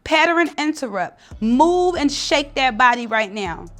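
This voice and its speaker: Blunt, animated woman with a high voice. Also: unhurried, soft background music. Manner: blunt, animated, slangy, emphatic. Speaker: spiritual content creator. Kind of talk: casual motivational talk to camera.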